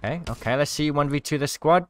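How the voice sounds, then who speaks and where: A man's voice: on the high side, fast, a little hiss or hum. A man giving casual commentary over gameplay, cheering at the screen and mocking the players he watches. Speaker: gaming commentator.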